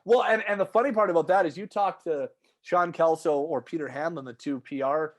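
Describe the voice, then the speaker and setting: Man, hockey reporter, lively anecdotes, a bit high-pitched, casual podcast guest. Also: brisk. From Calgary, Canada. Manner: animated, excitable storyteller with many restarts. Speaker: hockey reporter and radio host.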